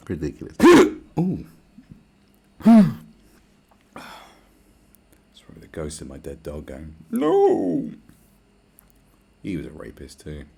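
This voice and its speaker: A man's voice: a bass voice, wildly swooping pitch, measured pace, long pauses, dark tone, husky. A man, hosting a podcast in a crude, blunt, rambling solo rant full of swearing and sarcasm. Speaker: podcast host.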